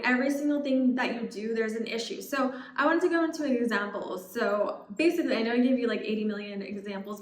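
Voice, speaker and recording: Chatty young woman in an echoey room. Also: high-pitched. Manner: chatty, expressive, acts out quoted people. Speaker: vlogger. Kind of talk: casual advice vlog.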